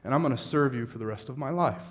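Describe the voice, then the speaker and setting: This pastor speaks fast at a medium pitch, his sermon echoing with a big-room sound. Casual asides give way to ever more passionate urging until he is shouting.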